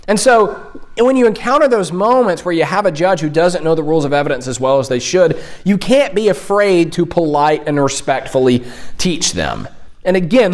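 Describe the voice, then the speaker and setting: A young man who coaches mock trial, giving direct-to-camera advice in an earnest, conversational way. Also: on the high side.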